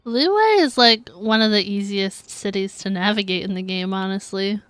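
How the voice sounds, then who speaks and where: A woman's voice: medium pitch, level tone, normal speed, a bit bright, clear, resonant tone, dry recording. A young woman streaming a video game, chatty and full of "like". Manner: chatty, lots of "like". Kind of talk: casual game commentary.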